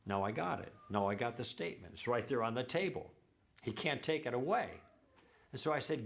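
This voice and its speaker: Lively storytelling church teacher, man. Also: mid-range voice, fairly quick. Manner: anecdotal, acts out quoted dialogue.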